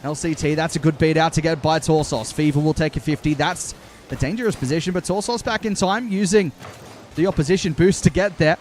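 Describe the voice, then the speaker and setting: A young man doing live play-by-play commentary on an esports match, calling the action briskly and breaking off to answer his chat. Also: fairly high pitch, darkish tone, slight background noise.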